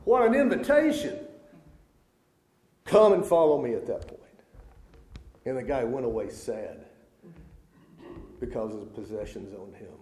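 A man's voice: mid-range voice, animated, a little slow, long pauses, darkish tone, a little hiss or hum. A man preaching a sermon to a live audience, talking to them in a conversational way and putting questions to the crowd. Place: large room with a live audience. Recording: echoey room.

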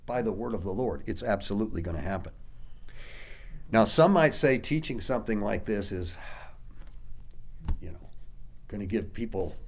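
A man preaching a sermon, reading scripture slowly and rising into emphatic bursts. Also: lowish voice, a little mellow. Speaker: pastor.

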